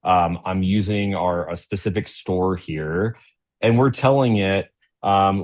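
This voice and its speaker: A low-pitched man walks viewers through a software demo on a webinar. He talks in a loose, conversational way and keeps tagging his points with "right?". He sounds like he is speaking into a computer mic on a video call. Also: slow pace. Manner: conversational, tags sentences with "right?". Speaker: webinar presenter. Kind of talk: casual business webinar walkthrough.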